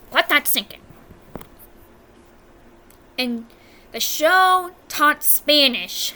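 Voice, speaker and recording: Speaking slowly with long pauses, a young American video reviewer uses a high, sharp-toned voice. Her ranking commentary is casual, blunt and exasperated, and she keeps interrupting herself to correct her wording.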